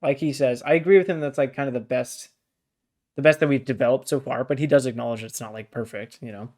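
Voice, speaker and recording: A man's voice: medium pitch, quick pace, darkish tone. A man co-hosting a casual book discussion podcast, blunt and exasperated, swearing freely as he pushes back. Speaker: podcast co-host.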